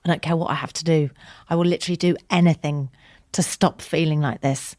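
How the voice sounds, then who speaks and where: Low-voiced woman telling her story frankly. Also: fairly even intonation, a little mellow, no room sound, clean studio sound. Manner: frank and emotional, swears freely, quick restarts. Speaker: podcast guest. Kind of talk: candid personal storytelling. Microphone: studio podcast mic.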